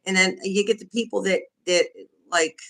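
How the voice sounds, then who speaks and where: Bright-voiced woman guest on a video call. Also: medium pitch, steady tone, normal speed. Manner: candid, frank, restarts often. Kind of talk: casual livestream chat.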